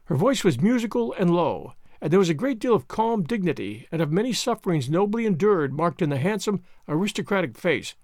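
A man narrating a classic novel in an expressive storytelling manner. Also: sits high, brisk, hardly any pauses, no echo, clean studio sound. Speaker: audiobook narrator.

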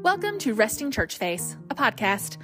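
A woman in her forties hosting a solo podcast, chatting in an animated way and laughing often. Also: on the high side, moderate pace, music in the background. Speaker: podcast host.

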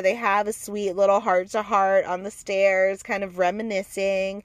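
Woman host, higher voice, dry close sound, blunt and profane show recap. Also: dry recording. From outside the American South. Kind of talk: casual chat.

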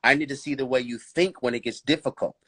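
Fervent preacher-style man, bright husky voice. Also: mid-range voice, fast talker. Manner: fervent, preacher-like cadence with rhetorical questions; laughs and addresses listeners as bro, girl. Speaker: faith and relationship speaker. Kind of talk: preachy podcast conversation.

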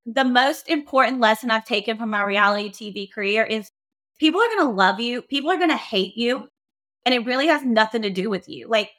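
A woman's voice: on the high side, expressive, a little fast, a bit bright. A woman hosting a podcast, talking frankly and bluntly, swearing freely. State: emotional. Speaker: podcast host. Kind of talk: casual podcast monologue.

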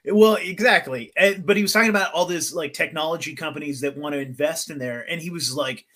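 In casual podcast chat, a young man with a highish voice talks briskly, swearing freely and laughing often. He comes across as excitable, and he may be a co-host or a guest.

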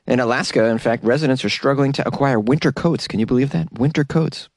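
A New York man hosts a casual solo podcast, chatty, jokey and rambling, often laughing at his own jokes. His mid-range voice moves at a quick pace, and the studio-quality recording has no echo.

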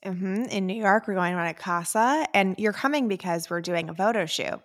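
A woman co-hosting a podcast who works as a fitness instructor, chatting casually with quick, teasing interjections. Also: mid-range voice. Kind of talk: casual chat.

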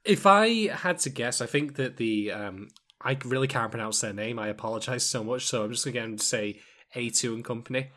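A man's voice: mid-range voice, normal speed, fairly bright tone. Joking man on a podcast. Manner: jokey, swears, does mock voices. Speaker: podcast co-host. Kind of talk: casual podcast chat.

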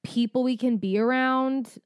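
A young woman co-hosts a podcast with a slightly higher, smooth voice. She chats in an upbeat way, jumps in with quick reactions and says what she thinks bluntly. The recording is dry and close. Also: steady tone, no echo. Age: young adult. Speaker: podcast co-host. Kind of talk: casual chat.

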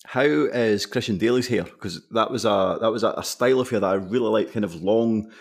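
Husky-voiced Scottish man telling stories. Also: fairly low pitch, fairly quick. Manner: animated anecdotal storytelling. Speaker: podcast co-host. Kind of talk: casual podcast chat.

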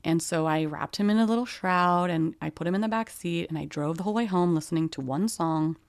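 Young adult woman, podcast host, low voice, dry close sound; candid, emotional storytelling. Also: fairly quick, clear, resonant tone, no room sound. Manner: candid and emotional, with casual fillers. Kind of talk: personal storytelling.

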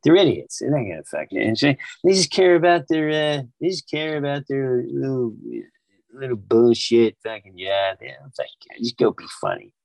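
A man voicing a blunt, irreverent middle-aged comedian who talks in a gruff, profane and dismissive way. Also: mid-range voice, lively intonation, normal speed, a little mellow, no room sound, rough recording.

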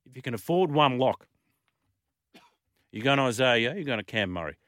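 A man with an Australian accent hosting a sports talkback radio show, chatty and lively as he reads listener messages and gives scores. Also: mid-range voice, normal speed, no room sound, studio quality. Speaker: radio sports talk host.

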